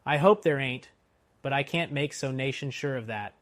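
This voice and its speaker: A man voicing a gruff, watchful coach guard who barks out challenges and warnings. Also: medium pitch, fairly even intonation, moderate pace, no room sound, natural voice. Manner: gruff, bellowing commands.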